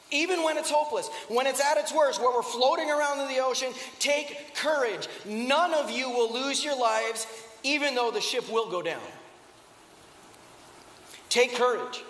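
Male preacher with a very high voice, chatty and full of rhetorical questions, recorded in a reverberant church hall. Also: expressive, moderate pace, fairly bright tone. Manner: conversational storytelling with rhetorical questions. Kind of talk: sermon. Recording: echoey hall with long reverb.

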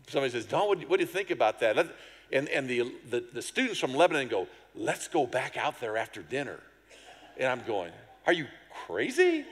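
Animated male preacher in a reverberant hall. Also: medium pitch. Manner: animated storyteller, acts out voices and sounds, self-deprecating humor. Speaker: pastor. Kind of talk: sermon with a personal story.

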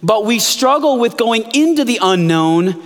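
A male pastor delivering a sermon in an animated storytelling manner. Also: very high-pitched, unhurried. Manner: animated storytelling, jumps into character voices. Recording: echoey hall.

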